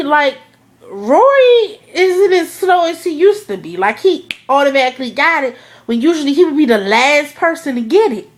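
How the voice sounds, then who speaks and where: A young woman chatting casually about a TV episode, gushing and filling her talk with "like" and "oh my goodness". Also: sits high. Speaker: vlogger reviewing a TV episode. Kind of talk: casual excited chat.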